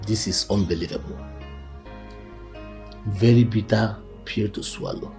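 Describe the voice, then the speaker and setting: A man's voice: lowish voice, a little slow, music in the background. An actor playing a shaken man of the royal household reacting to a death. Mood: stunned. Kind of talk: Nollywood film acting.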